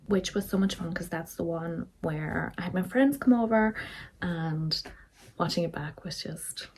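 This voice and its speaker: A woman's voice: on the low side, a little slow, darkish tone. Giggly, gushing young woman vlogging. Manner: gushing, repeats words for emphasis; giggly, emotional. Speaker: book vlogger. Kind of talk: casual vlog chat.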